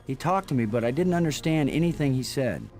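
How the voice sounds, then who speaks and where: A man playing a measured astronaut commander. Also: mid-range voice, animated, darkish tone, faint music behind, natural voice. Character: steady, commanding male astronaut leader. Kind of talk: video game voice acting.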